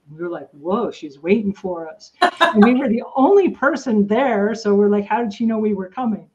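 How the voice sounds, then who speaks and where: A woman's voice: mid-range voice, lively intonation, a little fast, darkish tone. A woman hosting a podcast, chatting casually and telling stories with lots of fillers, acting out what people said. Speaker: podcast host. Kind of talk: casual chat, storytelling. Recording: dull lo-fi sound.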